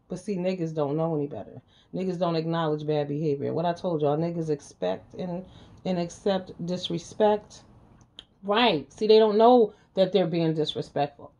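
A woman's voice: on the low side, mellow, dull audio. A woman hosting her own channel, scolding her viewers in a profane, confrontational commentary rant and repeating lines for emphasis. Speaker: channel host. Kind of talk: ranting commentary vlog.

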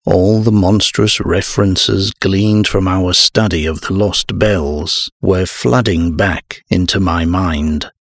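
A man narrating a horror audiobook in a measured, dramatic first-person telling. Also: deep voice, steady tone, creaky, dry recording, clean studio sound.

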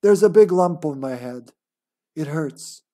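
A man voicing a lonely, infected male ship officer, reading his diary in a slow, hushed put-on monster voice. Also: fairly high pitch, animated. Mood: weary.

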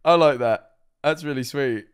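Man, streamer, casual reactions, laughs a lot, swears, mid-pitched. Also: normal speed, clean tone.

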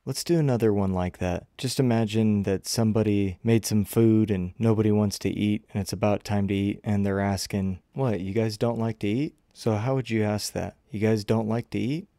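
A man teaching a casual recorded language lesson, slowing down to repeat example phrases for learners. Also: fairly low pitch, steady tone, mellow, dry recording. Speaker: Mandarin teacher.

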